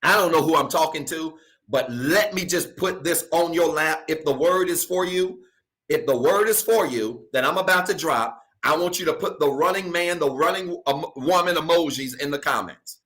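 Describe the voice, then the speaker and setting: A preacher with a bright, fairly high voice delivers a Sunday sermon. He keeps putting questions to his listeners and repeats lines again and again, climbing into hollers before dropping back down. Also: moderate pace. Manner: preaching with call-and-response questions, building to shouts. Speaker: pastor. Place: church stage.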